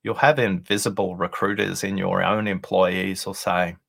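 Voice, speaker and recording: A man being interviewed as a podcast guest, telling a workplace anecdote in a deliberate, conversational way with pauses for effect. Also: deep voice, flat delivery, vocal fry, a bit bright. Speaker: podcast guest, listening expert.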